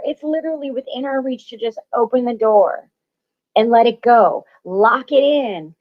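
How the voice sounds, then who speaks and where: Woman, spiritual talk host, emphatic and repetitive, swears freely, raised pitch, dull lo-fi audio. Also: moderate pace.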